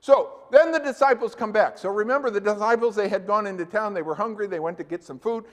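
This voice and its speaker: A fast-talking pastor with a voice that sits high delivers his sermon in a church, keeping it conversational and asking the congregation questions. The hall gives the recording a noticeable echo.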